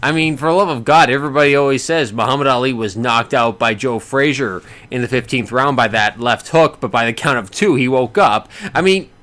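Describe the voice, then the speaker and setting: Casting: ordinary-voiced man, excitable casual fight recap, lots of fillers. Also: mid-range voice, a little fast, few pauses. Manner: rambling, many fillers and restarts, excitable. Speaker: boxing fan reviewing a fight.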